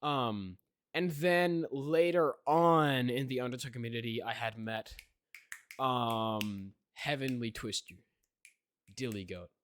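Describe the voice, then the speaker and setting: A teenage young man hosting a podcast talks slowly in a medium-pitched, slightly bright voice. He tells a story in a rambling, casual-chat manner, full of fillers and "right?" check-ins. There's slight background noise.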